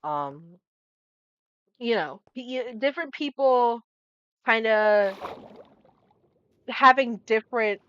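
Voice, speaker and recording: A woman's voice: fairly high pitch, animated, slow, long pauses, fairly bright tone, lo-fi sound, a little hiss or hum. A young woman talking casually while she plays a game, rambling, getting distracted and restarting her thoughts. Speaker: gaming streamer. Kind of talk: casual commentary while playing.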